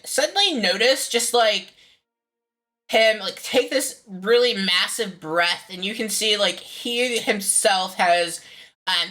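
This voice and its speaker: A woman's voice: on the low side, pushed and bright, low-quality recording. A woman narrating as game master of a tabletop game, loose and rambling with lots of fillers.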